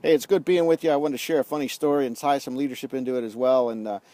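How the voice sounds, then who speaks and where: A middle-aged man telling a lively story in a casual vlog outdoors, acting out the dialogue as a leadership coach. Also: mid-range voice, rapid-fire, slight background noise. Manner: animated storyteller, acts out dialogue. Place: outdoors on a golf course.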